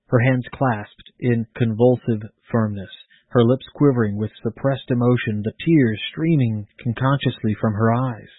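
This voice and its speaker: Husky man reading an old story. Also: medium pitch, no room sound. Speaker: narrator. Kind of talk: reading a 19th-century story aloud. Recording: tinny phone-like dry sound.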